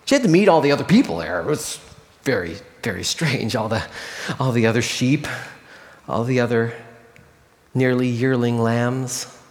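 Hushed, expressive male storytelling preacher. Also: medium pitch, moderate pace, pauses often, big-room sound. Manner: expressive, often dropping to a hushed voice. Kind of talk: storytelling sermon.

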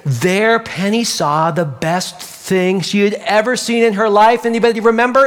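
A man telling a children's story as a sermon, animated and playful, adding sound effects. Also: sits high, moderate pace, big-room sound.

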